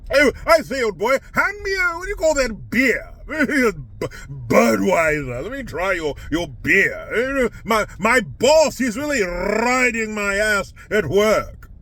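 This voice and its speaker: A man's voice: sits high, big pitch swings, slow, hardly any pauses, bright, forceful tone, heavily acted. A man impersonating a snooty, wealthy male politician clumsily faking common-man talk, in a mock-posh voice that savors every word.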